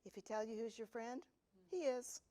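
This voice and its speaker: A woman giving an author talk, reading quotations slowly and in a relaxed way. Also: on the high side, poor audio. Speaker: author and book editor. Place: public talk in a university library.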